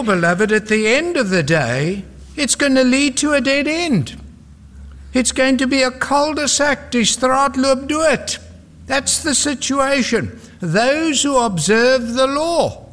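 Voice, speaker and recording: High-voiced South African man preaching in a hall. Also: fairly bright tone. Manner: emphatic and repetitive, with humorous asides. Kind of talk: sermon.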